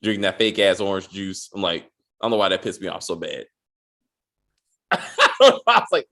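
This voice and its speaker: A man co-hosting a casual TV review podcast, swearing freely and acting out characters' lines in quick exasperated bits. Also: low-pitched, huge pitch swings, gravelly, sharp tone. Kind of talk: casual spoiler review chat.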